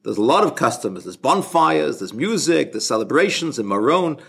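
A man giving an informal spoken religious lesson as a rabbi, halting and often restarting his sentences. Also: mid-range voice, very animated, vocal fry, fairly bright tone, husky. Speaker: rabbi teaching a class.

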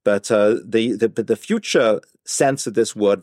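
Male teacher, patient and halting, mid-pitched, dry recording. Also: a little mellow, dry recording. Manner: hesitant, many restarts, explanatory. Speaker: Torah class teacher. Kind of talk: informal Torah class.

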